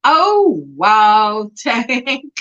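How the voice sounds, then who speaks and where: A woman chats casually on a home livestream, reading viewer comments aloud with frequent exclamations. Her voice sits high and swoops widely in pitch. The audio is dull and lo-fi, like a basic webcam mic. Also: very animated, extremely slow, a bit bright. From South Africa. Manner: effusive, reads chat aloud with exclamations and laughs. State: recovering from throat swelling. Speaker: livestream host.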